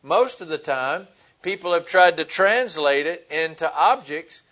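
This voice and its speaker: A man preaching a sermon in a conversational way, pausing on fillers and retelling scripture as dialogue. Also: fairly high pitch, lively intonation, bright, forceful tone. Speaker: pastor.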